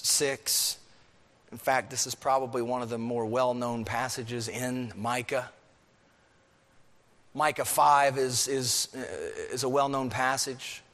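A man preaching a sermon, swinging between emphatic, raised peaks and low, quiet stretches. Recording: long hall reverb.

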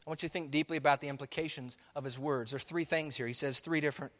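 Guy preaching a sermon, kinda high voice, big church echo, gets loud then quiet. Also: steady tone, fast talker. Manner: emphatic preaching, swings from soft to loud. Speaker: pastor. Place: church sanctuary.

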